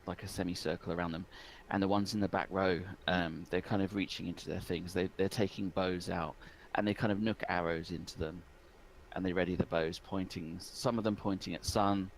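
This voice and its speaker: A man's voice: low voice, steady tone, fairly quick, a little hiss or hum, poor audio. A man narrating a tabletop game as game master, descriptive and hesitant with ums.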